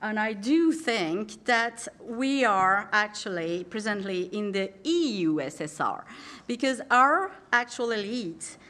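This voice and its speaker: A woman's voice: medium pitch, expressive, takes it slowly, sharp tone. A woman with a French accent, a native French speaker giving a conference panel speech in English, hesitant and full of fillers as she searches for words. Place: conference hall.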